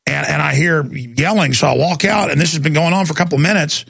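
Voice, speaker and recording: A man, hosting a talk radio show and ranting heatedly, with fast bursts and repeated words. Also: on the high side, gravelly, a bit bright, husky, no echo, studio quality. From Texas.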